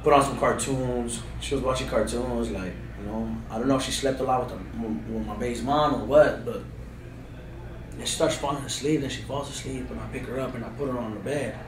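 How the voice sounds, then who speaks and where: A man, telling a true story to an interviewer in an earnest, insistent way with street slang, swinging from loud bursts to low mutters. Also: steady tone, brisk. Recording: roomy, distant recording with faint background noise.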